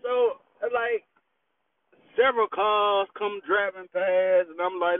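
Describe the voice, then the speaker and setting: A man's voice: high-pitched, slow, no echo. A man, a bit tipsy, chatting in a laid-back, profane way from his parked vehicle. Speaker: vlogger. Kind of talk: casual rambling chat. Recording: tinny phone-like, dry.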